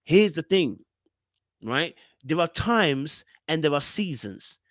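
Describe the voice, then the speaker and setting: A man's voice: a little high, very animated, slow pace, no room sound, clean studio sound. A young man hosting a podcast, giving an emphatic casual monologue and often checking in with his listeners. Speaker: podcast host reviewing a reality show.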